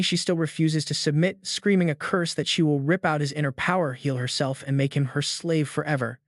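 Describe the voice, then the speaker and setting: A man's voice: a little high, dry recording. Dramatic male recap narrator, dry sound. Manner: dramatic, even-paced storytelling. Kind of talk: scripted story narration.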